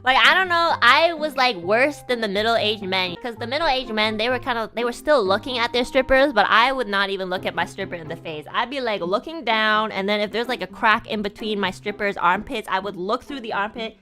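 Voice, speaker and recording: A woman VTuber telling a story casually on stream, animated, swearing freely and laughing often. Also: fairly high pitch, a little fast, hardly any pauses, faint music behind.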